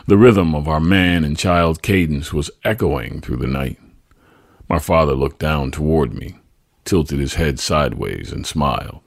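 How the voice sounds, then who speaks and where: Male memoir narrator; very low, husky, dry and close. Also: expressive, a little slow, no echo. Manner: tender, reflective storytelling. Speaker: podcast host. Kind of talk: memoir reading.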